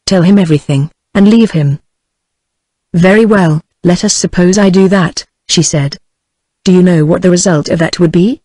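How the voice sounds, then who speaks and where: A text-to-speech woman's voice with a British English accent, reading a novel aloud in an even, uninflected way. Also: on the low side, moderate pace, no echo, rough recording. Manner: even, uninflected reading of dialogue and narration alike. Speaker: narrator. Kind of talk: text-to-speech audiobook narration.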